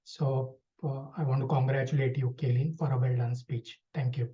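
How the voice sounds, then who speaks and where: Man, evaluator at an online meeting, dark mellow tone, halting delivery full of fillers, dull lo-fi call audio. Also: mid-range voice, steady tone. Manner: hesitant, many fillers and restarts. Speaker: speech evaluator. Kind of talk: online club speech evaluation. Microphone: video call.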